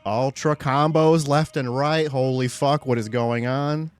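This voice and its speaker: A man streaming live, chatting casually and excitably with his chat, swearing often and greeting viewers by name. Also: mid-range voice, unhurried, clean tone, dry recording.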